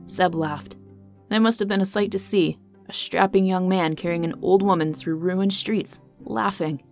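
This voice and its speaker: A woman reading a fantasy story aloud as the narrator, in a steady, measured way. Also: lowish voice, faint music behind.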